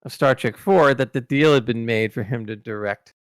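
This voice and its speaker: A medium-pitched man speaks at a normal speed in a smooth voice, recorded in clean studio quality with no room sound. He's a podcast host recalling his interviews, spinning behind-the-scenes stories in a rambling, casual chat. He restarts often, leans on fillers, and gets animated during anecdotes.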